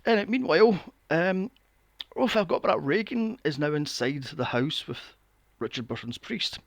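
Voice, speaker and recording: A man hosting a podcast, recapping a film plot in a casual, animated way, swearing often and acting out his own reactions. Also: on the high side, normal speed, gravelly, no room sound. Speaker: podcast host.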